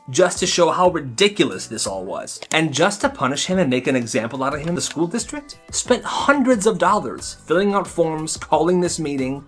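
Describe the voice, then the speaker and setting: Guy telling school stories, voice bounces all over, kinda high, quiet guitar music under it. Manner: animated, chuckles at his own stories. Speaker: storytime narrator. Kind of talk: casual storytime narration.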